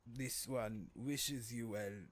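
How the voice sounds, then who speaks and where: A man's voice: fairly even intonation, very slow. A man voicing a polite male cat-folk wanderer with a put-on French accent, formal and speaking of himself in the third person. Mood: courteous. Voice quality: strained low throaty voice.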